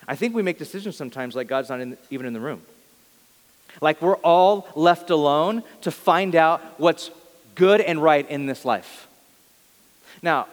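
Man, pastor, sermon, conversational and earnest, slightly high voice, echoing hall. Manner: conversational, animated, self-correcting, earnest.

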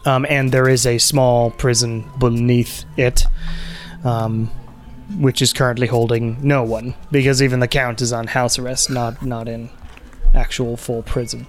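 A man's voice: mid-range voice, flat delivery, measured pace, soft background music. A man narrating a tabletop game as game master, rambling with many fillers and restarts.

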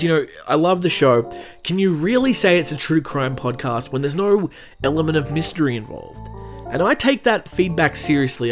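Joking self-deprecating podcast man. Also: a little high. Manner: self-deprecating, jokey asides. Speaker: podcast host. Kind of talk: comedic podcast chat and true-crime narration.

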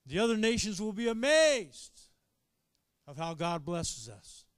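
A man preaching a sermon to his congregation, animated, calling out for amens and swinging between quiet asides and shouted high points. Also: measured pace, clear, resonant tone, no room sound. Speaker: pastor.

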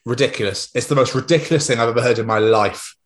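A young man, co-hosting a podcast and telling rambling, animated stories full of swearing. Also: mid-range voice, fast. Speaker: podcast co-host. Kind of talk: casual chat.

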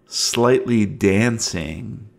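A man narrating a horror tabletop game as game master, slow and dramatic. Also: on the low side, vocal fry.

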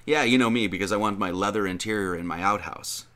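This preacher has a fairly low, sharp-toned voice and speaks at a moderate pace. His sermon is informal: he reads scripture and discusses it in a conversational way, frequently restarting and using emphatic lists.

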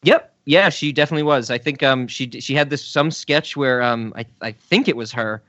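A man's voice: medium pitch, fairly quick, a bit bright, no room sound. A man in his thirties co-hosting a podcast, talking in an easygoing, reflective way with occasional fillers. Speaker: podcast co-host. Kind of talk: casual podcast chat. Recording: slightly dull, dry lo-fi audio.

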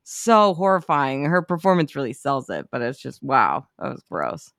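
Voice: medium pitch, very animated, normal speed, gravelly, a bit bright, dry recording, clean studio sound. A podcast co-host chatting loosely about movies, swearing freely and acting out reactions. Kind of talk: casual movie chat.

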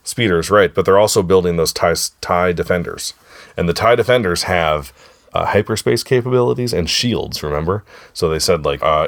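A man with a sore, froggy throat hosts a relaxed podcast chat with kids. His voice sits very low and sounds hoarse, and he keeps checking whether the others remember. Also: normal speed. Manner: chatty, keeps asking the listeners if they remember. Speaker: podcast host. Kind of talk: casual discussion with kids.

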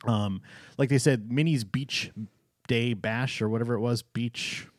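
A man's voice: mid-range voice, a little slow, no echo, clean studio sound. A man with a New England accent co-hosting a casual chat, joking and laughing often. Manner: jokey, laughs often, playful deadpan bits. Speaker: co-host.

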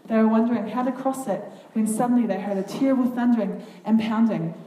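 A woman reading a children's Bible story aloud to a group, with earnest, expressive comments between passages. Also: on the high side, quick pace. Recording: echoey room, far from the mic, faint noise.

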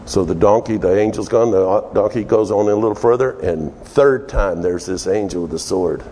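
A man's voice: moderate pace, dark tone, a little hiss or hum. A man preaching a conversational sermon, telling the story with emphatic, jumpy delivery. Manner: storytelling, emphatic, with sudden pitch jumps. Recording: long reverb of a large hall.

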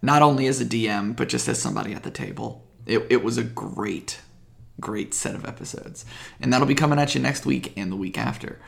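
A man hosting a podcast and narrating a tabletop game as game master, in a lively storytelling manner. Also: medium pitch, brisk, gravelly, roomy sound.

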